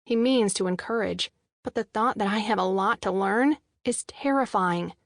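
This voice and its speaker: A young woman reads a first-person audiobook in a measured, expressive voice with an anxious inner edge. Her pitch sits in an ordinary middle range. The studio sound is dry and close, with no echo. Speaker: audiobook narrator. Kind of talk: first-person scripted narration.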